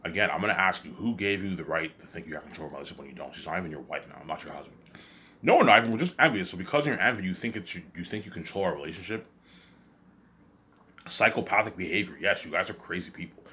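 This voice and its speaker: Guy with a really low voice going off on a repetitive accusing rant into his camera. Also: lively intonation, fast, pushed and bright. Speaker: vlogger. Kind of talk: ranting monologue to camera.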